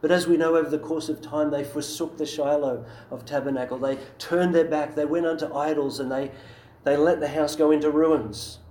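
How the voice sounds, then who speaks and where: A man's voice: on the high side, steady tone, normal speed, dark tone. Earnest preacher man in an echoey hall. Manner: earnest, emphatic preaching with rhetorical questions. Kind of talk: sermon.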